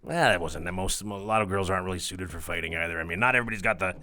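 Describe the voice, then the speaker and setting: A man's voice: deep voice, very fast, sharp tone. A man working as a strip club DJ, telling rambling, profane stories in casual chat.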